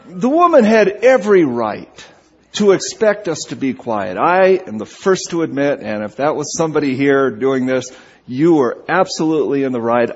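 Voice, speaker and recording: A man preaching a sermon, telling a humorous story with animated delivery, on a dull lo-fi recording. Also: mid-range voice, husky.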